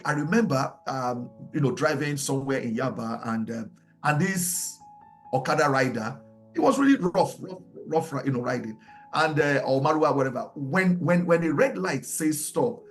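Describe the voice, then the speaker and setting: A man with a Nigerian accent teaching a marriage class, telling stories with lots of restarts and repeated words. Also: a little high. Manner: animated storytelling with many restarts.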